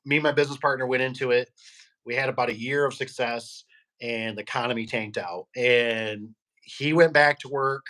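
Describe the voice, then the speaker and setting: A garage door business owner chats casually on a podcast, rambling through stories and acting out the people he quotes. His medium-pitched voice is steady and sharp, at a moderate pace.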